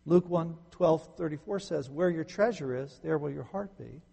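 A man preaching a sermon as a pastor, swinging from emphatic peaks down to quiet low phrases. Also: moderate pace, gravelly, slightly rough. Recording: long reverb in a large hall.

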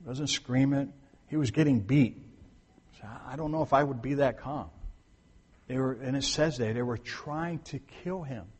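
A man's voice: mid-range voice, normal speed, darkish tone, slightly rough, big-room sound. A man preaching a sermon in a conversational way, repeating his points for emphasis and restarting sentences. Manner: restarts and corrects himself mid-sentence. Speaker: pastor.

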